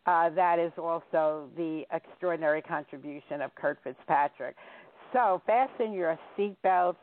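A woman's voice: low voice, measured pace. Rambling woman radio host on the phone. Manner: rambling, many "uh" fillers. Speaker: radio talk show host. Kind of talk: casual radio chat. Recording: tinny phone line.

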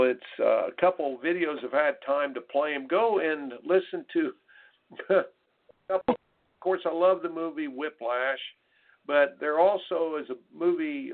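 Gravelly man on a tinny phone line. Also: on the high side. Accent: American. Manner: folksy, emphatic, repeats phrases. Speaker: tennis coach and radio host. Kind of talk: radio talk monologue.

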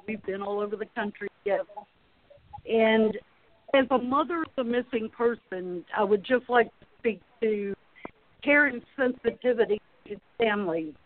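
A woman from Florida calls in to a show and tells a funny story about a friend in a chatty, casual way. Her voice is fairly high and moderately paced, coming through a tinny phone line.

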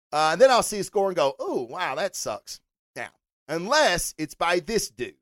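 A man's voice: fairly high pitch, clear, resonant tone, dry recording, studio quality. A man hosting a comic review podcast, rambling casually and swearing often as he talks about books. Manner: rambling, swears a lot, animated. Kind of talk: casual solo review rant.

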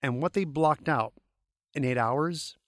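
A middle-aged man from St. Louis, a guest telling rambling, animated anecdotes full of fillers in a casual interview. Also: fairly high pitch, a little slow, no echo. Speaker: guest, creature effects artist.

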